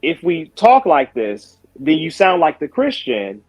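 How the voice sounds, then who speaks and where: A man taking part in a casual spoken debate over a video call, talking in loose asides and quick self-corrections. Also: fairly high pitch, huge pitch swings, no echo, highs cut off. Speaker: Muslim guest in a debate.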